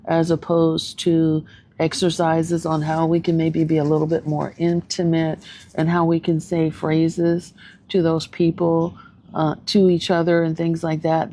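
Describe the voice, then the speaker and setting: A woman's voice: low voice, vocal fry, dark tone. A woman therapist giving her casual thoughts on a show, thoughtful and hesitant with many ums and restarts. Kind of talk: casual video commentary.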